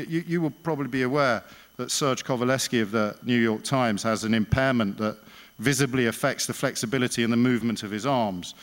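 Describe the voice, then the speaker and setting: A man giving a public talk at an evening event, sardonic and emphatic, firing rhetorical questions and slowing down for his punchlines. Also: mid-range voice. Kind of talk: public speech with anecdote.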